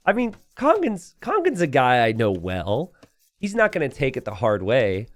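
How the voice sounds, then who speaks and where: A man's voice: medium pitch, huge pitch swings, measured pace, no echo. A young adult man giving casual, chatty commentary over a strategy game replay, telling the story with plenty of "uh" fillers.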